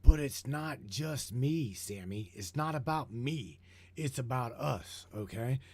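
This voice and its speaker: Man, hoarse, profane ranting host, lively swooping pitch, dry close sound. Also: slow, no room sound. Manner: heated, profane, repeats himself. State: getting hoarse. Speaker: broadcast host. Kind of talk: rambling conspiracy talk show.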